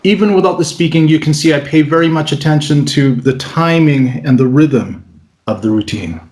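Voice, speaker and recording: A man being interviewed as a magician, telling stories in a lively way with frequent stammered restarts. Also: a little high, normal speed. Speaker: magician guest. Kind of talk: interview conversation.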